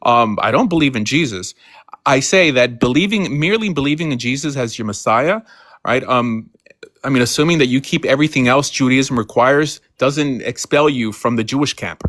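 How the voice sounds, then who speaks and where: A man's voice: mid-range voice, normal speed, fairly bright tone, dry recording, studio quality. A man on a casual live stream explaining his views earnestly, often adding "you know" and "right". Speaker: guest.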